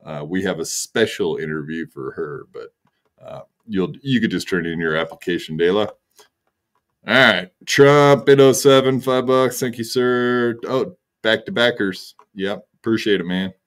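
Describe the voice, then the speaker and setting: Speaking into a desk mic, a streamer host ends his livestream with a casual sign-off in a slow, unhurried drawl. His low voice is slightly bright, and his manner is relaxed, crude, and joking.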